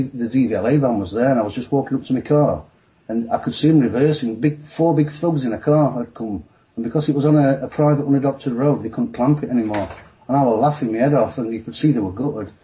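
A man with a Yorkshire accent, a guest telling stories in a casual live-stream chat, excitable and rushing, with frequent restarts. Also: medium pitch, rough recording. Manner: rushed, excitable, talks fast with many restarts.

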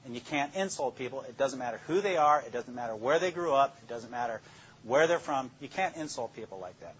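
A man's voice: mid-range voice, lively intonation, brisk, muffled recording, slight background noise. An older man, a police detective, telling plainspoken stories about interrogations to a class and acting out his own lines. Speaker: police detective speaking to law students. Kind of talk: storytelling lecture.

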